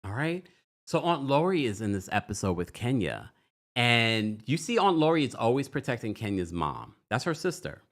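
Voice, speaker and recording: A man's voice: mid-range voice, sing-song, moderate pace, fairly bright tone. A man hosting a live stream, chatting casually and reading viewer comments aloud as he goes. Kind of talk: casual live recap chat.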